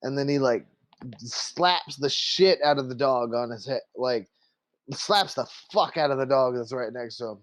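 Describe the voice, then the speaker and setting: A man's voice: medium pitch, a little slow, a bit bright, no echo. A man narrating as game master of a tabletop game, loose and full of fillers. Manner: loose, filler-heavy, laughing easily.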